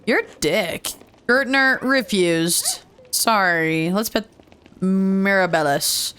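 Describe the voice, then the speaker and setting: A woman casually commenting as she plays a game, chatty and playful with quick asides. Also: medium pitch, lively intonation, a bit bright, smooth. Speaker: let's play host.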